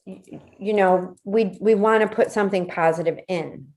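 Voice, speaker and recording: A woman's voice: medium pitch, moderate pace, darkish tone. A woman leading a casual workshop, talking conversationally, repeating words and checking in with "right?". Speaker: workshop leader.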